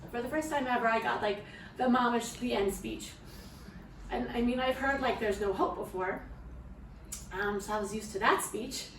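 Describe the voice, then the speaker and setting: A woman sharing a personal testimony with guests in a heartfelt, halting way, often pausing to pray aloud. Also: fairly high pitch, a little hiss or hum. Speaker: mother sharing a testimony at a gathering. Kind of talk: emotional personal storytelling to a small audience. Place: room with guests present. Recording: distant mic in an echoey room with faint ambience.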